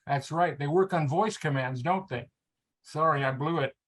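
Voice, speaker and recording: A man's voice: a little high, normal speed, a bit bright. A man reading the lines of a wry, skeptical actor in a novel excerpt. He sounds dry and grumbling. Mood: amused. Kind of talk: read-aloud novel excerpt.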